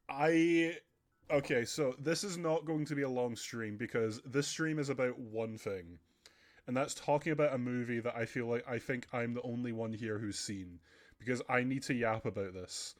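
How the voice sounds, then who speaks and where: A young man streaming live from home, chatting casually with viewers in a rambling, chatty way, his nose running. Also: mid-range voice. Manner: rambling, chatty, often laughing. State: runny nose. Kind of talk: casual livestream chat. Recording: faint background music.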